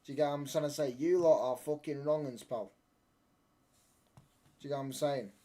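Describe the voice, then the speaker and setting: A man's voice: on the high side, brisk, dark tone. A young man hosting a live football watchalong stream from home, reading out viewer chat and answering it with bantering, mock-indignant talk. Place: home room.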